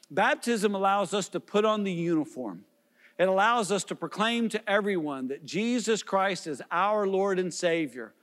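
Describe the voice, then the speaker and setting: A man's voice: high-pitched, in a large hall. A man preaching as a pastor, earnest and pleading, with repeated questions and small restarts. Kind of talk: sermon.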